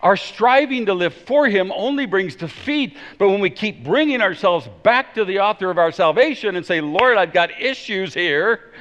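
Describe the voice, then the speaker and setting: A man preaching a sermon as pastor, emphatic and swinging between loud declarations and hushed pleading. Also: high-pitched, expressive, normal speed, few pauses. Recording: dull sound in a long-reverb hall.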